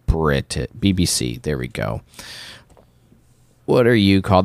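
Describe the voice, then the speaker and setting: A man's voice: extremely low pitch, sing-song, gravelly, a little mellow, no room sound. Offhand man podcaster, dry sound. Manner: quick, offhand, jokey interjections. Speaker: podcast co-host. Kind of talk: casual chat.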